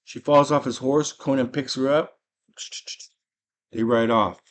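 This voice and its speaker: A man's voice: mid-range voice, steady tone, a little slow. A man casually recapping a movie in slangy, enthusiastic storytelling. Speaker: movie channel host.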